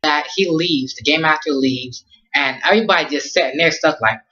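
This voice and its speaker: A man's voice: a little high, moderate pace, bright, forceful tone, highs cut off. A man casually recapping an anime episode in slangy talk, rambling with lots of ums and restarts. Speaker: anime reviewer.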